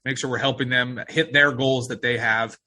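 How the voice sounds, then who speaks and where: A man's voice: mid-range voice, steady tone, normal speed, pushed and bright. A man hosting a casual podcast conversation, talking in an earnest, agreeable way and often restarting his phrases. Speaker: podcast host.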